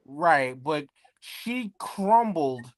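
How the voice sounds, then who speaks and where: A man's voice: fairly high pitch, lively intonation, extremely slow, dry recording. A man co-hosting a casual podcast chat, cracking jokes, swearing freely and boasting about his punchlines. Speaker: podcast co-host.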